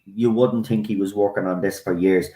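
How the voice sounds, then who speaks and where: A man's voice: fairly low pitch, fairly even intonation, warm tone. Opinionated man in an echoey room. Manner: blunt, opinionated, halting restarts. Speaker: stream guest. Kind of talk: casual chat.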